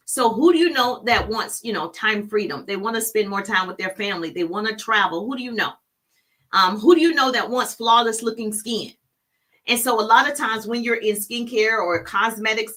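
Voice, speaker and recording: A middle-aged woman giving business coaching on a live stream, animated and preachy, repeating key phrases for emphasis. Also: a little high.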